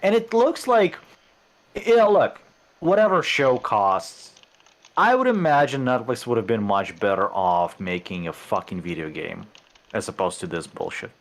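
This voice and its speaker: A man's voice: fairly low pitch, big pitch swings, unhurried. A man co-hosting a podcast in casual chat, exasperated and swearing freely. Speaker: podcast co-host.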